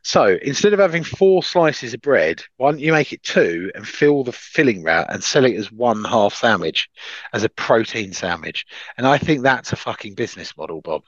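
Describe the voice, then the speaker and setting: Male co-host, lively swearing banter, swooping delivery, dry lo-fi sound. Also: normal speed, no echo. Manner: animated, sweary, pitching ideas. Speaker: podcast co-host. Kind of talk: casual banter.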